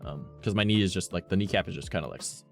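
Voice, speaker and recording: Low-voiced rambling male streamer. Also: very fast, gravelly, soft background music. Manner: rambling, swears often, heavy use of "like". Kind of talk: casual chat with a live stream audience.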